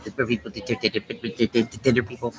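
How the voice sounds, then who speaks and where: A woman's voice: a bass voice, flat delivery, fast talker, low-quality recording. A woman hosting a tarot livestream, ranting in a blunt, profane, scornful way. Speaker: tarot reader and livestream host. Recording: music playing behind.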